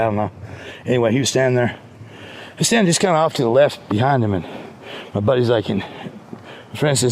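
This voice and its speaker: A man's voice: medium pitch, darkish tone, slight background noise. A man telling a rambling comic story, full of restarts and repeated words.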